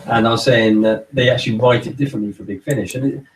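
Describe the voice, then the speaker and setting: A man's voice: medium pitch, steady tone, fast talker, a little hiss or hum. Man rambling on a roomy podcast. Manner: rambling, repeats words while thinking. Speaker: podcast co-host. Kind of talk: casual podcast chat. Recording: roomy echo, far from mic.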